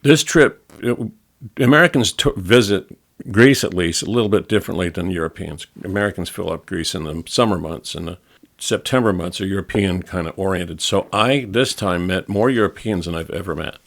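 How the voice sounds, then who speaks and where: Deep gravelly guy rambling thru travel stories on a podcast, keeps restarting sentences. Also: normal speed. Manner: rambling storyteller, restarts and self-corrections. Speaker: podcast co-host back from travel. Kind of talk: casual chat. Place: studio.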